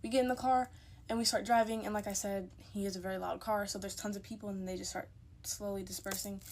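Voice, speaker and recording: A woman's voice: mid-range voice, flat delivery, quick pace, a little mellow, slight background noise. A young woman telling a casual storytime into her phone, chatty and emphatic, acting out the people in her story.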